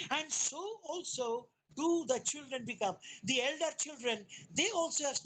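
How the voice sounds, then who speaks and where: A woman giving an academic webinar lecture on poetry over a video call, explaining in a deliberate way and often restarting her sentences. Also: high voice, fairly bright tone, low-quality recording. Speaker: guest lecturer.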